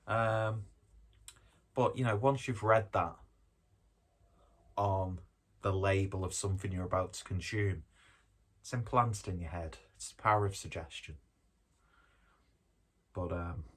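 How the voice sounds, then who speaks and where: A man's voice: low-pitched, unhurried, long pauses, fairly bright tone. A man reviewing a beer in a casual, rambling way, joking about himself and swearing now and then. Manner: rambling, jokey, self-deprecating, swears casually. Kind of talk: casual tasting chat.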